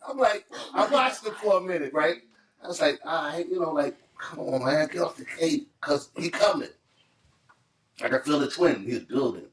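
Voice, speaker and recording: Middle-aged male podcast co-host, animated storyteller, higher voice, recorded off-mic in an echoey room. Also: moderate pace, far from the mic. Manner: animated, acts out quotes in voices. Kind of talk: casual chat, storytelling.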